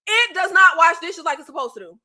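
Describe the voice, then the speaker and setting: A woman with a high, bright voice chats casually with her viewers on a live stream. She talks in an animated, unfiltered way, swears freely and circles back with fillers and restarts. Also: quick pace. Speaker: YouTube host. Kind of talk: casual live chat with subscribers.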